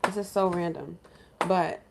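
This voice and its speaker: A woman from New York, a lifestyle vlogger, telling a story in casual chat in her home kitchen, animated and laughing, acting out other people's voices. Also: on the low side, unhurried, creaky, noisy background. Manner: animated, laughing, acts out crying voices in quotes.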